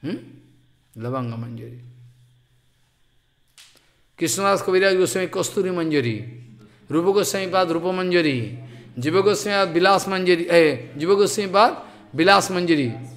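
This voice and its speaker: A man giving an impassioned devotional sermon in English, scolding loudly one moment and dropping to hushed asides the next. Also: high-pitched, fast. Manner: impassioned, scolding, swings between loud outbursts and hushed asides; non-native English with broken grammar. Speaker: spiritual teacher.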